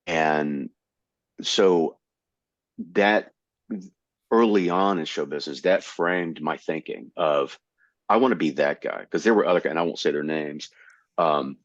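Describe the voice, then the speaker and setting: A man in his sixties from Florida, a comedian guest telling animated stories in casual conversation. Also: very deep voice, no room sound. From Tampa, Florida. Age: 60s. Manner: animated storyteller. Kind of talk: casual storytelling. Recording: dull, slightly lo-fi dry recording.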